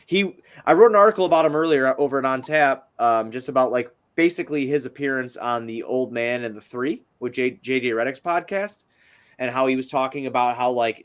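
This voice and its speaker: Rambling, profane young man podcasting. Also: medium pitch. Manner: rambling, profane, laughs easily. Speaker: podcast co-host. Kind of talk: casual sports podcast chat.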